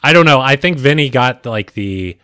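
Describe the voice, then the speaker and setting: A man's voice: medium pitch, expressive, moderate pace, pushed and bright, clear, resonant tone, no echo. A man co-hosting a podcast in casual chat, making wry, dry asides. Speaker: podcast co-host.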